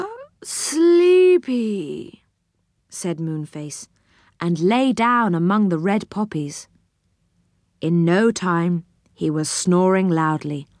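A woman reading a children's story aloud in an expressive, animated way. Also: medium pitch, dry recording, studio quality.

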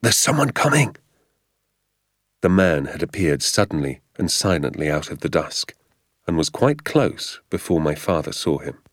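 A man reads a storybook aloud in a measured, even manner, voicing each character's lines himself. His voice is deep and sits close to the mic in a dry, deadened recording. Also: no echo. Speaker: narrator. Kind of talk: storybook audiobook reading.

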